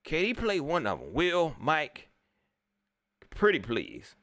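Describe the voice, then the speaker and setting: Guy hosting a live sports talk stream, bright lively voice, dry close mic. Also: fairly high pitch, takes it slowly, pauses often, no echo. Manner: animated, talks straight to viewers, reads chat aloud. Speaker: sports talk livestream host. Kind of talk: casual live sports commentary.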